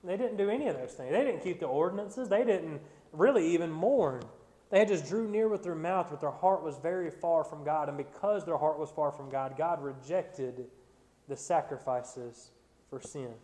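A man's voice: on the high side, normal speed, dark tone. A man preaching a Bible study sermon, reading scripture and then explaining it with growing emphasis and frequent restarts. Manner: repeats words when restarting. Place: church sanctuary. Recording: church sanctuary with long reverb.

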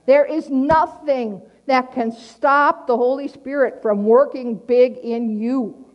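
In an earnest, plainspoken sermon, a middle-aged woman slowly goes back over her key lines to drive them home. Her voice sits high, and the top frequencies of the audio are missing.

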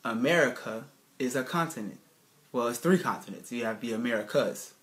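A man talks through a slide presentation in a mid-pitched voice. He is emphatic and keeps firing rhetorical questions at his listeners. He often restarts sentences as he goes. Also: expressive, fairly quick. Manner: emphatic, keeps asking "right, people?". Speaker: presenter giving a slide lecture. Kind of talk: casual spoken lecture to viewers.

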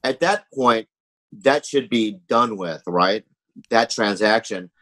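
A man's voice: fairly low pitch, takes it slowly, bright, forceful tone, no room sound, rough recording. Rambling man telling stories, dry close sound. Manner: rambling storytelling with many fillers; acts out other people's voices in anecdotes. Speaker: podcast guest, comedian. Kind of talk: casual chat.

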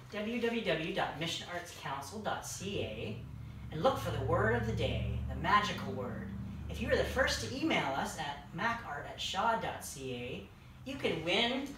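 Lively woman reading a children's story in an echoey room. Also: fairly low pitch. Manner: animated and expressive, cheerful sign-off. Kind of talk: reading a picture book aloud to children. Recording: very echoey room, voice far from the mic, faint background hiss.

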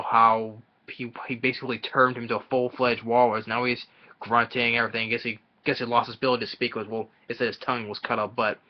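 A man giving a casual, rambling film review, halting often and restarting his sentences. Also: mid-range voice. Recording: dull lo-fi audio.

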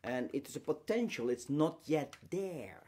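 A man giving an inspirational lecture, emphatic and full of rhetorical questions, speaking in short phrases with pauses and repeating key words. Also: a little high, big pitch swings, a little mellow, breathy edge.

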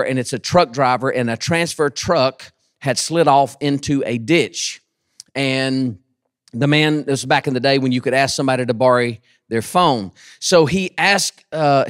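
A man preaching a sermon in church, telling a folksy story and building to shouted emphasis. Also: mid-range voice, smooth, no echo, clean studio sound. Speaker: pastor.

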